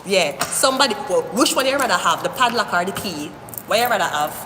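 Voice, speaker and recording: A woman's voice: medium pitch, fairly quick. Woman reading tarot live. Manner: animated, rambling, profane, talks straight to the viewer. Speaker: tarot reader. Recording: echoey room with long reverb, faint hiss.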